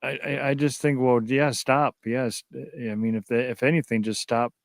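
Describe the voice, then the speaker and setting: A man's voice: medium pitch, fairly even intonation, moderate pace, vocal fry, no room sound. Regular-sounding guy, dry close sound, keeps repeating himself to make the point. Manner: emphatic, repeats words as he insists on his point. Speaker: guest. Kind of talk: casual talk on a radio show.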